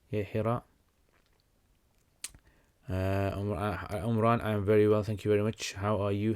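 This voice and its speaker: A young man hosting a casual livestream Q&A, talking in a relaxed, conversational way with many fillers and restarts. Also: lowish voice. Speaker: livestream host answering questions.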